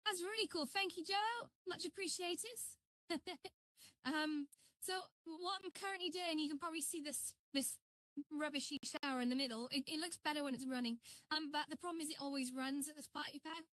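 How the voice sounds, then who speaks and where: A woman's voice: sits high, moderate pace, a bit bright, no echo. A woman chatting on a live stream as she builds, rambling and greeting viewers while she works. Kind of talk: casual live-stream chat.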